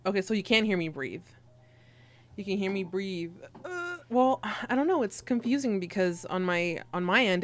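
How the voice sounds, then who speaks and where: A young woman streamer chatting casually with her viewers, teasing and giggling as she reads the chat aloud. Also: mid-range voice.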